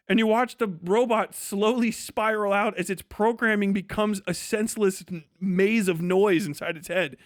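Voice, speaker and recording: Young male streamer with a high voice and a dry, close sound, on a crude, heated rant. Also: a bit bright, no room sound. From United States. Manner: profane, heated, mocking impressions. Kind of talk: ranting livestream monologue.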